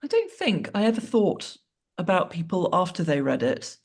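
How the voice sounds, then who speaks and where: Frank woman author with a gravelly edge. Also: on the low side, sing-song, moderate pace, darkish tone. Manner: frank, reflective, wry asides. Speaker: author guest. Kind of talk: candid conversational interview.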